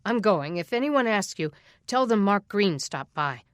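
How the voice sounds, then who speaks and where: A woman voicing a calm, polite young man visiting a patient. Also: medium pitch, unhurried, no echo, clean studio sound, lightly acted.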